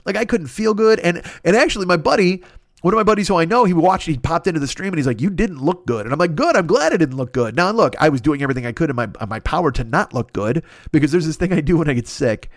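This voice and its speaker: Fast-talking, profane comedic man. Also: a little high, lively intonation, no echo, clean studio sound. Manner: profane, ranting, self-mocking. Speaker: podcast host. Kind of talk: comedic storytelling monologue.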